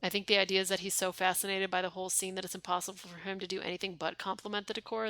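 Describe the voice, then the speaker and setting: A woman's voice: mid-range voice, flat delivery, rapid-fire, hardly any pauses, a bit bright, no echo. A young woman streaming a game, chatting wryly and reading its dialogue aloud. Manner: chatty, wry, reads game text aloud.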